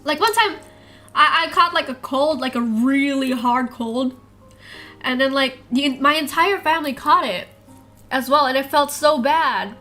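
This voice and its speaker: A young woman streamer talks casually to her chat in a high, bright voice. She speaks slowly and unhurriedly and giggles often between lines. Faint music plays behind her. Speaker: live streamer.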